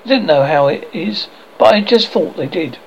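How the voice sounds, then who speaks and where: Man putting on a dreamy excited little boy, high pitched, swoopy. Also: moderate pace, muffled recording, a little hiss or hum.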